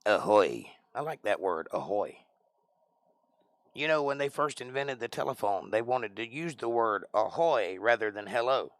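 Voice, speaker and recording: A man with a Southern accent from Georgia talks through a relaxed livestream, reading comments and tossing back dry jokes. His voice sits at an ordinary middle pitch. The sound is close and dry, with no room echo. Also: moderate pace, few pauses. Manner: joking, wry, bantering with chat. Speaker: livestream host and Bible teacher.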